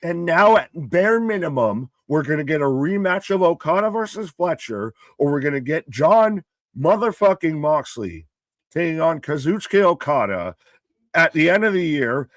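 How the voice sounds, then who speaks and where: A man's voice: on the high side, big pitch swings, normal speed, no room sound, studio quality. A man co-hosting a live wrestling watch-party stream, rambling through jokey, worked-up opinions. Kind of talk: casual live-stream chat.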